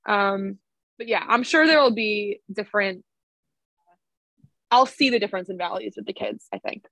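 A woman's voice: mid-range voice, expressive, normal speed, a bit bright, dry recording. Chatty young woman, dry close mic. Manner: chatty, many fillers like "um" and "like". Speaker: elementary school teacher, podcast guest. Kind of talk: casual podcast interview.

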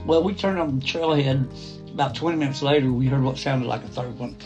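A middle-aged man tells a first-person story in a mid-range voice, fairly even in intonation and a little fast. He rambles with restarts and asides and quotes other people in a plain voice. Soft guitar music plays behind him.

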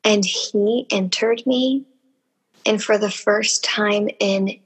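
A woman's voice: medium pitch, steady tone, takes it slowly, slightly rough, low-quality recording. A woman telling a candid personal story as a podcast guest, in an earnest, emotional and intimate way.

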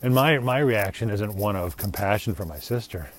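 A man's voice: on the low side, moderate pace. A man hosting his own podcast, talking in a rambling, reflective, self-deprecating monologue. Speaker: podcast host.

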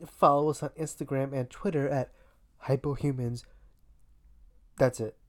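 A woman's voice: a bass voice, fairly even intonation, unhurried, a little mellow. A young woman with a Long Island accent co-hosting a podcast, talking offhand and sarcastic, swearing and trailing off mid-thought. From Long Island, New York. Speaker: podcast co-host. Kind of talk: casual chat.

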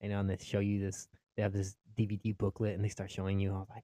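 A man's voice: fairly low pitch, level tone, fast talker, hardly any pauses, mellow, no echo, clean studio sound. A young Mexican-American man doing stand-up comedy, swearing freely, laughing at his own jokes and acting out his family.

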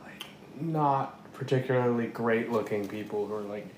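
A man guesting on a podcast, chatting casually with a laid-back, wry manner and quick crude comebacks. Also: medium pitch, darkish tone. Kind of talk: casual comedic chat. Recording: echoey room with faint noise.

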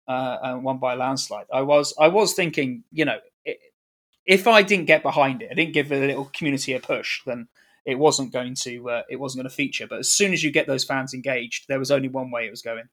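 A man's voice: mid-range voice, brisk, a bit bright. A man from Devon co-hosting a podcast in casual chat, rambling and teasing. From Devon, England. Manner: rambling, teasing, laughs easily. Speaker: podcast co-host.

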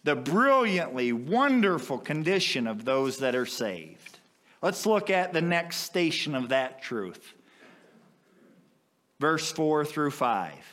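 A man preaching a sermon as pastor, with impassioned swells in pitch and volume. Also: big pitch swings, takes it slowly, a bit bright.

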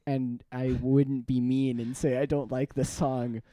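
A young man co-hosting a podcast, joking and talking in halting, restarting phrases. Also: medium pitch, flat delivery, mellow, no echo. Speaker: podcast co-host. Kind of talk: casual chat.

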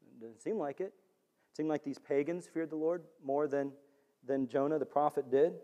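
A man preaching a sermon in an animated way, rising to near-shouts for emphasis. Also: a little high, normal speed. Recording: long hall reverb.

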